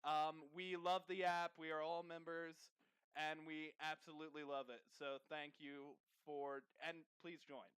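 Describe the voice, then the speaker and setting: A man hosts a casual movie podcast over a call, giggling, teasing his guests and talking fast in a group chat. His voice is a little high and smooth with fairly bright tone, little pitch movement and no room sound.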